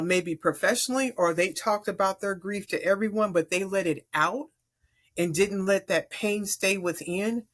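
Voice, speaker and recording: A middle-aged woman from Chicago, a podcast guest speaking in an earnest, encouraging, deliberate way. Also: mid-range voice. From Chicago, USA. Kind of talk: earnest advice in conversation.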